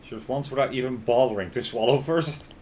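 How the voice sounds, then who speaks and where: A man's voice: mid-range voice, fairly quick, darkish tone, a little hiss or hum. Streamer man reading a game aloud. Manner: narrates, reacts with laughs and panicky outbursts. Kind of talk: reading a visual novel aloud while playing.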